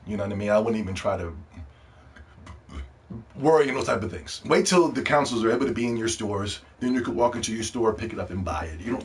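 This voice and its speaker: Profane, ranting male podcast host. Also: mid-range voice.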